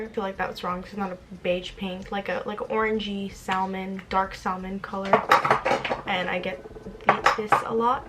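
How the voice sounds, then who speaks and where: A woman's voice: mid-range voice, heavy background noise. A woman in her twenties chatting casually while doing her makeup, rambling and self-deprecating. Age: 20s. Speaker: vlogger. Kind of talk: casual get-ready-with-me chat.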